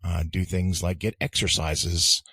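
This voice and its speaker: Deep-voiced man, husky and dry. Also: unhurried, dry recording. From United States. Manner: relaxed, jokey, chuckling. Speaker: podcast co-host. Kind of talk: casual language-lesson podcast chat.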